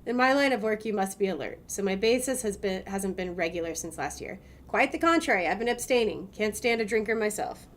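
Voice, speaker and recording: A woman's voice: mid-range voice, lively intonation, a little fast, hardly any pauses, slight background noise, natural voice. A woman voicing a wary male patient in a game, reading his lines in a defensive, indignant way. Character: wary middle-aged male patient under suspicion.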